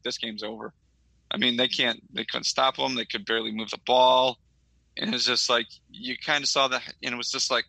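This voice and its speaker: A man's voice: medium pitch, creaky, sharp tone, no room sound, rough recording. A middle-aged man from Michigan, a podcast co-host, telling a rambling story in casual chat with lots of fillers.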